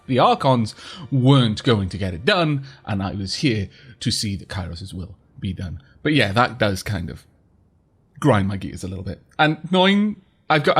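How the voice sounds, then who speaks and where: A man's voice: medium pitch, breathy edge. A man commentating his game stream, rambling and chuckling as he reads chat aloud. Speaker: gaming streamer.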